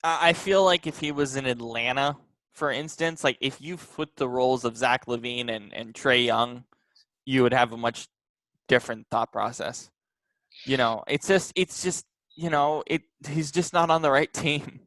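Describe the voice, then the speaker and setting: A man co-hosting a casual sports talk podcast, ranting in an animated, exasperated way. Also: mid-range voice, normal speed, no room sound, poor audio. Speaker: podcast co-host.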